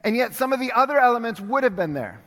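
A man's voice: extremely high pitch, big pitch swings, fast, fairly bright tone, big-room sound. A man preaching a sermon, telling a story and acting out bits of dialogue with casual asides. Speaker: pastor.

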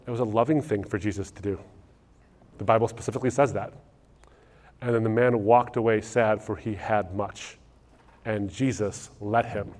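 A male pastor answering audience questions in a sermon, telling lively stories with frequent restarts. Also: lowish voice, moderate pace, pauses often. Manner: animated storytelling with frequent restarts.

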